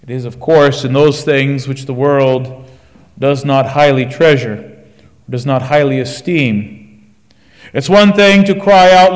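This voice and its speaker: A man's voice: medium pitch, slow pace. A man preaching a sermon, building his points through rhetorical questions in a declaiming manner. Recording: long church reverb.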